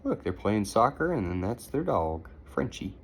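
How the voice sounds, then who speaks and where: A man's voice: lowish voice, big pitch swings, moderate pace, slight background noise. A father reading a bedtime story to his daughter, breaking off for playful, teasing asides.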